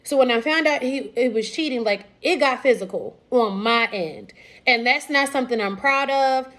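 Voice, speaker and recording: Candid woman in her thirties, higher voice. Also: normal speed, a bit bright. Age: 30s. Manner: casual, candid, many fillers and restarts, quoting others. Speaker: vlogger sharing personal story. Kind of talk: candid personal storytelling.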